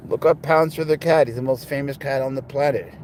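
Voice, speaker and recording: Man, casual livestream chat, blunt and sarcastic, warm low-toned voice, outdoors with faint street noise. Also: steady tone, a little fast. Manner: chatty, blunt, sarcastic, with swearing. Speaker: pet owner streaming to viewers. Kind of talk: casual livestream chat reading viewer comments.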